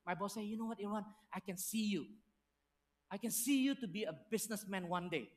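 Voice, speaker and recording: Storytelling pastor preaching. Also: male voice, sits high, a little fast. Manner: storytelling with lively acted-out quotes, non-native phrasing. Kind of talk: sermon.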